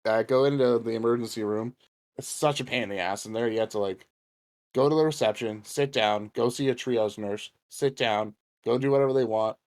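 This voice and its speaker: A man's voice: medium pitch, fairly quick, a little mellow. A man chatting on a podcast, spinning a long story at an easy pace. He swears freely and keeps breaking into laughter while he talks. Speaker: podcast co-host. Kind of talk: casual storytelling chat.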